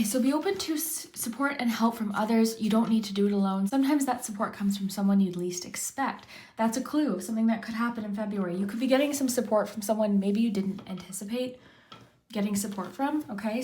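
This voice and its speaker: A woman giving a monthly tarot reading in a gentle, reassuring way, often repeating her encouragement. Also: medium pitch, brisk. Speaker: tarot reader.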